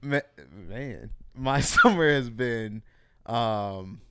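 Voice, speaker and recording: A laid-back man co-hosts a casual podcast. His voice sits at an ordinary middle pitch, and he laughs easily, often letting sentences trail off before picking them up again. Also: animated, extremely slow, heavy background noise. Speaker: podcast co-host. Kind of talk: casual chat.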